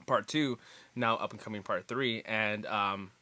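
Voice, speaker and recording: A man's voice: fairly low pitch, measured pace, sharp tone. A man co-hosting a podcast in casual chat, blunt and joking, with some swearing. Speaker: podcast co-host.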